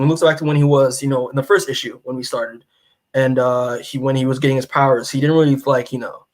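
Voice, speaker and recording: A young man co-hosting a podcast, casually retelling a comic story in a rambling way, full of fillers and quick acted-out character lines. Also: mid-range voice. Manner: rambling, lots of "like" and restarts, acts out characters' lines. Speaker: podcast co-host recapping comics. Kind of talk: casual chat.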